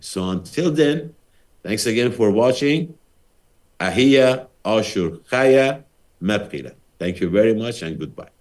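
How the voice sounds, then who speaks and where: Guy hosting a tv show, lowish voice, keeps firing rhetorical questions at viewers. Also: a little mellow. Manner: preachy, rhetorical questions, rising emphatic peaks. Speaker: TV program host. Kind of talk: talking to camera, commentary.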